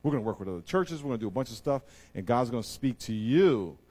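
Animated preacher swinging soft to loud. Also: male voice, medium pitch, fast talker. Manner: animated, swings between hushed asides and loud excited bursts. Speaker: pastor. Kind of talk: sermon.

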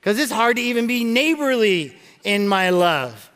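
A middle-aged man preaching a sermon as pastor, telling stories and jokes in an animated way, often stumbling and restarting his words. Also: high-pitched, normal speed, clean tone. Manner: animated storytelling with frequent stammered restarts and jokes. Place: large church auditorium. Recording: long reverb of a large hall.

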